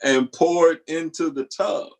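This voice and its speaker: A middle-aged man telling a family story in a casual monologue, lively, now and then jumping into high squealing voices for people he quotes. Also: a little slow, rough recording. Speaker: vlogger.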